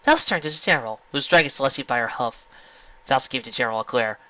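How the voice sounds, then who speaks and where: A man reading a fan fiction story aloud with expressive narration. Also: mid-range voice, fast, no echo. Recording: lo-fi home recording.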